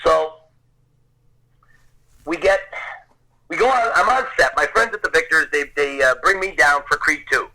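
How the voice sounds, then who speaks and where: A man in his fifties, a Rocky film tour guide, tells an anecdote as a podcast guest in a bright, ringing voice that's a little high for a man. He speaks at normal speed with long pauses, gushing excitably and often repeating himself, on a low-quality recording.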